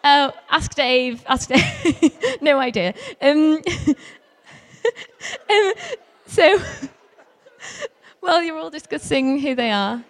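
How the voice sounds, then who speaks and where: A woman who works with young carers tells a lively, self-mocking story to a live audience, laughing as she goes. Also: high-pitched, drawn-out words, long pauses. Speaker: young carers worker giving a talk. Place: large hall with a live audience. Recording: long reverb in a large hall.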